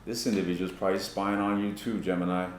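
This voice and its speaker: A man's voice: low-pitched, flat delivery, quick pace, roomy sound, a little hiss or hum. A man giving a blunt, profane tarot reading straight to his viewers, teasing them and swearing freely. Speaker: tarot reader.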